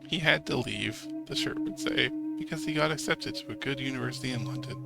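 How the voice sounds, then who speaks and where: A man reading as a calm, sensible talking shirt. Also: mid-range voice, brisk, gravelly, over loud music. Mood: kindly. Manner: kind, patient, matter-of-fact.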